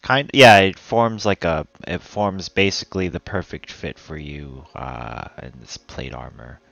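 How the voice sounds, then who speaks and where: Male game master, very low and gravelly, slow halting delivery. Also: a bit bright, no room sound, dull audio, faint music behind. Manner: slow, halting, many fillers. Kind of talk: narrating a live tabletop game.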